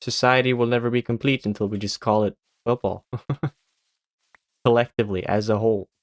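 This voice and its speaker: A Swedish man speaking English learned with an American lean, rambling casually as he plays a game. He laughs easily and swears freely, at an ordinary middle pitch. The sound is close and dry. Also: fairly even intonation, brisk, no room sound. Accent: American-style English learned as a second language. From Sweden. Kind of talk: casual commentary while gaming.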